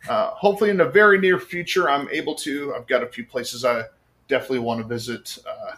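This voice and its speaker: A man's voice: medium pitch, steady tone, quick pace, a bit bright. An American man telling stories in a casual podcast chat, rambling with many fillers and some swearing. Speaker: podcast guest.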